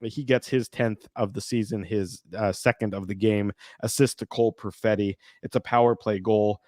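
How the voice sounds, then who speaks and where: A man's voice: lowish voice, steady tone, normal speed, a little mellow, no echo, clean studio sound. A man hosting a hockey post-game show, chatting casually in a rambling, joking, easygoing way. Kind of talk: casual sports chat.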